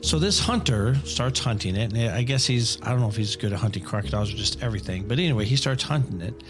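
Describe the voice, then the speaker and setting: A man's voice: mid-range voice, fast, over music. A middle-aged man, a father on a family podcast, telling rambling stories casually with plenty of swearing. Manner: profane, rambling, animated storyteller. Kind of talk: casual storytelling.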